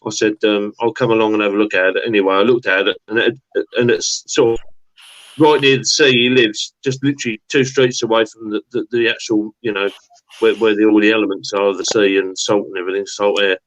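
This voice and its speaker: A man's voice: fairly low pitch, fairly even intonation, brisk, rough recording. Rambling man with an Essex-Suffolk accent. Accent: Essex and Suffolk mix. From England. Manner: rambling, hesitant with many fillers. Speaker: guest mower enthusiast. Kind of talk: casual chat on a live stream.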